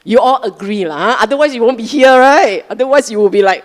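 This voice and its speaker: A woman's voice: on the high side, animated, fast, in a large hall. A woman with a Singaporean English accent gives a Sunday dharma talk to a live audience in a chatty, teasing way, often checking in with her listeners. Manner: conversational, teasing, asks the audience questions. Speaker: Buddhist dharma speaker. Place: large hall with a live audience.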